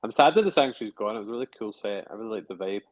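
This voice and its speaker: A man's voice: on the low side, lively intonation, rapid-fire, no echo. A man co-hosting a casual review podcast, chatty and hedging as he thinks aloud. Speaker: podcast co-host. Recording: dull lo-fi dry sound.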